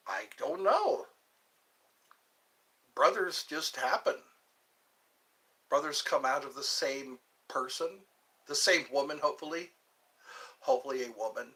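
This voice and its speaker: A man's voice: a little high, lively intonation, slow pace, pauses often, bright, forceful tone. A man hosting a casual livestream, answering viewer questions in a rambling, jokey way. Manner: rambling and jokey, drifting between topics. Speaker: livestream host.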